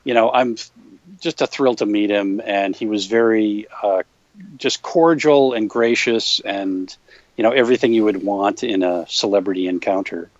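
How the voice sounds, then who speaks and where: A man guesting on a podcast, telling stories in a relaxed way with many fillers and the odd quick impression. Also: on the low side, no room sound. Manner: relaxed storyteller, frequent fillers, slips into impressions. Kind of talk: casual anecdote-telling. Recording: slightly dull lo-fi podcast audio.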